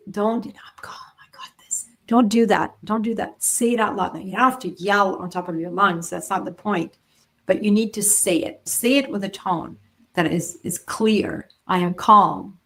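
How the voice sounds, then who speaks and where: Woman coaching with emphatic pauses. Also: fairly low pitch. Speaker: podcast host. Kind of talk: solo motivational talk.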